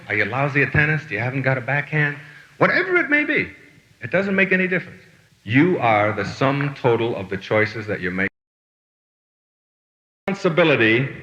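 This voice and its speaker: A man's voice: medium pitch, a bit bright, long reverb tail, muffled recording. A man giving a motivational lecture, telling stories and asking the audience rhetorical questions. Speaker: motivational speaker.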